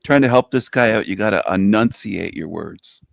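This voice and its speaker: Man, gravelly, dry close sound, teasing banter, laughs a lot. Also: on the low side, expressive, moderate pace, dry recording. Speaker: regular panelist. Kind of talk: casual teasing chat.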